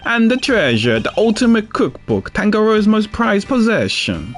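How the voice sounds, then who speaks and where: A man's voice: high voice, very animated, normal speed, soft background music, voice pushed up. A man voicing a proud, flamboyant male pastry chef in a put-on Italian accent with a sing-song tone, reading game dialogue aloud. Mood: grandiose. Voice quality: sing-song, rising and falling tone.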